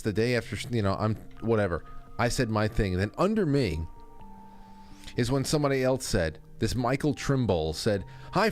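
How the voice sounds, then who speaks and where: A man hosting a podcast, rambling in casual comedic chat and often breaking into laughter. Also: fairly low pitch. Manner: rambling, laughing, self-interrupting. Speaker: podcast host.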